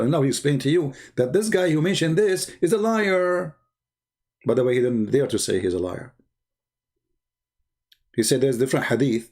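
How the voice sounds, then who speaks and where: A man's voice: medium pitch, a little mellow. A man with giving mocking, sarcastic commentary on video clips. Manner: sarcastic, repeats words for effect, non-native phrasing.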